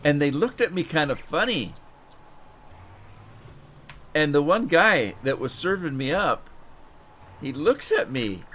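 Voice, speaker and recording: A man's voice: on the high side, lively intonation, slow pace, pauses often, a bit bright, a little hiss or hum. A man streaming a farming game, telling a rambling anecdote with chuckles and repeated words, then greeting viewers in chat. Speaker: gaming streamer. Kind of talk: casual storytelling while gaming.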